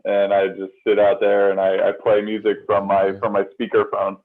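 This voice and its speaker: A man, a comedian guest, joking through deadpan absurd stories while calling in by phone to a casual chat. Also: on the low side, normal speed. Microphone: phone on a video call. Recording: tinny phone-line audio.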